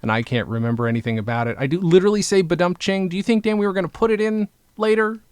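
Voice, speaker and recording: A man's voice: sits high, racing, smooth, no echo. Male co-host, wry self-mocking banter, dry close sound. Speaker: podcast co-host. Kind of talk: casual comedy chat.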